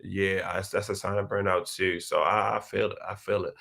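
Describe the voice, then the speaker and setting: A young man hosting a live chat, reading viewer comments and telling stories in a slangy, animated way. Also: moderate pace, vocal fry. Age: young adult. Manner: animated, slangy storytelling with big pitch jumps. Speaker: host of a live chat session.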